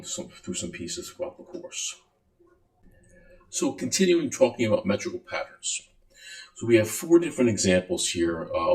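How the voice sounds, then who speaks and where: A man giving a relaxed music lecture, counting and singing beats aloud between many fillers. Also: sits low. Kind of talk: recorded lecture. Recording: echoey room.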